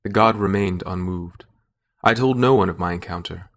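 Steady and unhurried, a lower-voiced man reads aloud a first-person story. It's scripted narration with a calm, measured quality, much like traditional audio fiction.

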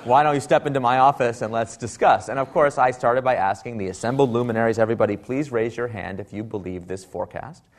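A man's voice: medium pitch, fast talker, hardly any pauses. A man speaking at a talk, telling a wry story and acting out the people he quotes. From Silicon Valley, US.

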